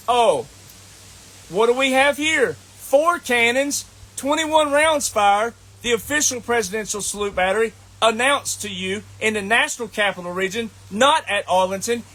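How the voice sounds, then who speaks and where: Bright, high-voiced Southern man ranting. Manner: scolding, combative, repetitive. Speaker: online commentator. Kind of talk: ranting monologue to camera.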